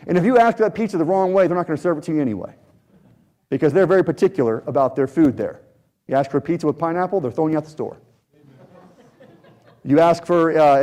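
A man preaching a sermon as a missionary pastor, earnest and repetitive, with prayerful pauses. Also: on the high side, warm tone. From United States.

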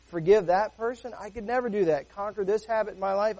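High-voiced man preaching conversationally. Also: fast, a little mellow. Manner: conversational preaching with rhetorical questions. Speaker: pastor. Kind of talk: sermon.

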